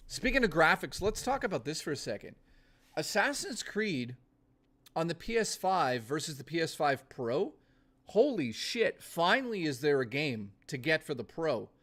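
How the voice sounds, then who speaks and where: A young adult man chatting casually on a live stream, ranting with lots of swearing and quick laughs. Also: a little high, fairly bright tone. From Canada.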